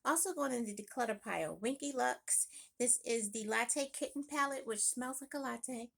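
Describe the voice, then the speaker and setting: A woman chatting casually in a home makeup vlog, thinking aloud with quick exclamations. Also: on the high side, vocal fry. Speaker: beauty vlogger. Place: home room.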